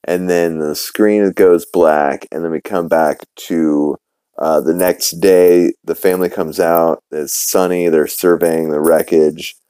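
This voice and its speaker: A young man from New Orleans hosts a podcast and rambles through a recap of a cartoon episode, full of fillers and quotes he acts out. His voice is low and mellow with a smooth, clear tone. It is recorded dry and close, with no room sound. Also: fairly even intonation, slow pace, no echo, low-quality recording. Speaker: podcast host.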